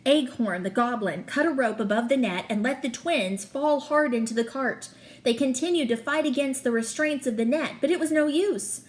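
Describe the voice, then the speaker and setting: Woman teacher reading chapter-book aloud, steady and expressive, slightly high voice. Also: moderate pace.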